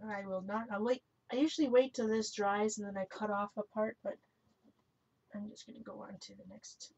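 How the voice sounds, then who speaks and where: A woman's voice: mid-range voice, fairly even intonation, normal speed, gravelly, a little mellow. A woman hosting a live stream, chatting casually as she crafts, often correcting herself, laughing, and answering viewer comments aloud. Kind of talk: casual chat while crafting. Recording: dull lo-fi recording.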